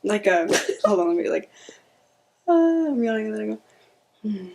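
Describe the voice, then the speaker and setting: A woman's voice: mid-range voice, moderate pace, creaky. A young woman co-hosting a podcast, telling a story in casual chat and laughing as she talks. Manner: animated, laughing through her telling. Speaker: podcast co-host.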